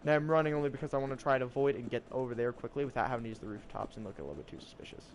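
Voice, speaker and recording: Talking very fast in a mid-range voice, this young gameplay streamer chats away as he plays. He reads out riddles and jokes with mock French phrases, with slight noise in the background.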